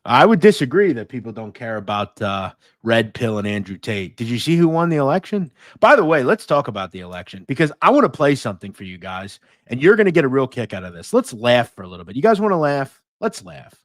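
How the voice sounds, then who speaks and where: A man's voice: mid-range voice, big pitch swings, fairly quick, hardly any pauses, dry recording, clean studio sound. A man from the United States hosting a casual livestream podcast, blunt and profane, mocking and reading out viewer donations. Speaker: podcast host.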